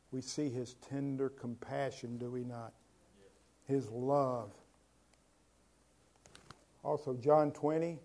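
A man preaching a sermon as pastor, asking the congregation rhetorical questions and swinging from loud, emphatic lines to quiet ones. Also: medium pitch.

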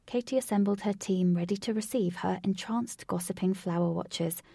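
A woman narrating a storybook, unhurried, now and then dropping to a whisper. Her voice is mellow and gravelly with a husky edge. The recording is dry and close. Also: mid-range voice, dry recording.

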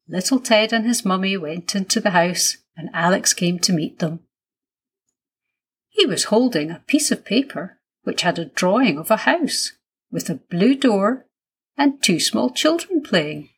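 A woman reads a children's storybook aloud, gentle and unhurried. Her pace is very slow and her voice soft and breathy, sitting in a middle pitch. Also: expressive.

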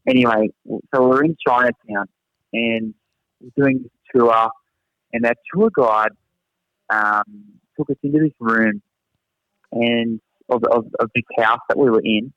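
A man's voice: medium pitch, lively intonation, unhurried, long pauses, no echo. A young man, a teacher, chatting and telling funny anecdotes in a rambling way and laughing at himself. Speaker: teacher, guest. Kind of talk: casual chat, anecdotes. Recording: slightly dull lo-fi sound.

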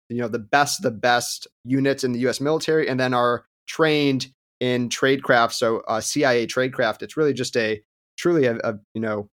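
Chatty male podcast host, casual delivery. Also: medium pitch. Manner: relaxed, conversational, many fillers. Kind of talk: podcast intro chat.

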